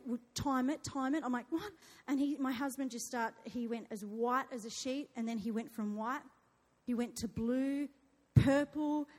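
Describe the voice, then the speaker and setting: High-voiced woman in a hall. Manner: animated storyteller, acts out her own panicked screaming. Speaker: speaker sharing a testimony. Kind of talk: personal story told to an audience. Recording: long hall reverb.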